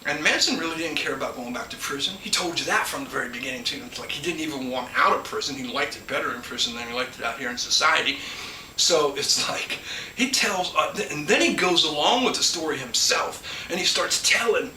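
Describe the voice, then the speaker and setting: A man with a bright, lively voice rambles through a casual monologue, full of restarts and asides. He sits some distance from the mic in an echoey room. A faint hum of ambience runs underneath. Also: on the high side, fairly quick. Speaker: collector and channel host.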